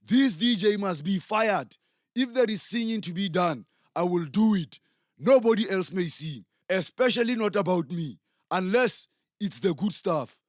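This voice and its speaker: Man doing a high, slow, whiny South African politician. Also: lively intonation, no room sound, studio quality. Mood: petulant. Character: childish self-absorbed male youth politician.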